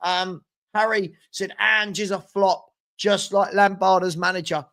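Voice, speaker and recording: High-voiced man hosting a live stream. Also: steady tone, measured pace, a bit bright. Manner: chatty, reads out viewer comments. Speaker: watchalong host. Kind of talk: casual live-stream chat.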